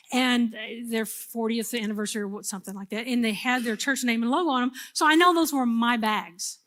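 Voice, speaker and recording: A middle-aged woman pastor preaching a sermon, telling a personal story in an animated, humorous way. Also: fairly high pitch.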